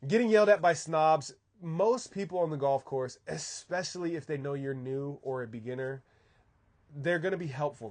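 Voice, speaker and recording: Casual man hosting a golf livestream. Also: mid-range voice. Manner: casual, animated, answers viewer chat. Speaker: golf coach host. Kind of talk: live-stream Q&A talk.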